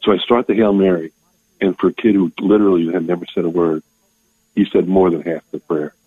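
An older man calling in to a radio show, telling his story in an earnest, halting way. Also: low-pitched, fairly even intonation, slightly rough, no echo. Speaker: caller. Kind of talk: phone-in testimony. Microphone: telephone. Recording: tinny phone line.

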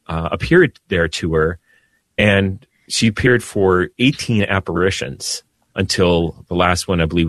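Low-voiced priest guy on radio, gets emotional telling stories, dry studio mic. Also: no echo. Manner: emotional, animated storyteller with laughs. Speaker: priest guest. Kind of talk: storytelling radio conversation.

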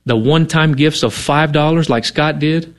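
A man's voice: a little high, normal speed. A middle-aged man co-hosting a radio fundraising appeal, talking earnestly and conversationally with many fillers. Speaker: radio co-host.

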